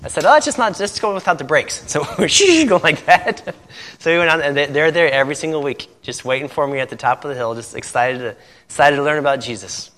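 Laughing preacher in an echoing hall. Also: male voice, on the high side, a little fast, fairly bright tone. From Indiana. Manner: laughing often at his own stories. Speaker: missionary pastor. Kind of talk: sermon storytelling. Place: church. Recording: long reverb of a church hall.

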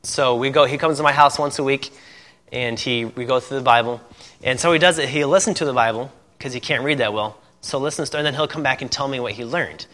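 A man's voice: medium pitch, a little fast, fairly bright tone. A man from Indiana, a missionary pastor, telling stories in a sermon and laughing often at them. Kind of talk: sermon storytelling. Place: church. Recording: long reverb of a church hall.

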